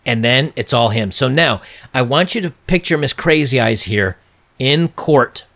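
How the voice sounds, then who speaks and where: A man's voice: medium pitch, expressive, unhurried, creaky, a bit bright. A man giving casual, sarcastic and mocking commentary on a video clip.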